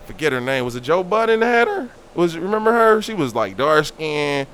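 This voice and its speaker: A man's voice: fairly high pitch, a little fast, slight background noise. A young man telling a story in casual talk, acting out the voices of the people in it. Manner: animated, acts out quoted voices.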